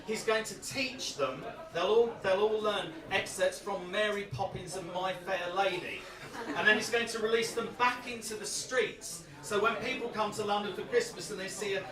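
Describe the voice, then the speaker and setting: A man in his fifties doing a rambling, self-mocking stand-up routine on a comedy club stage. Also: sits high. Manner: rambling, self-mocking, frequent 'so' restarts. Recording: echoey venue, distant mic, loud audience.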